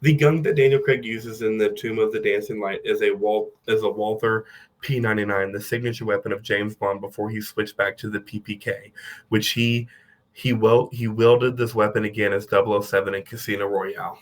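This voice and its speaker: A man's voice: lowish voice, fairly even intonation, brisk, low-quality recording. A man co-hosting a casual movie podcast, joking and teasing, with some profanity. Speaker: podcast co-host.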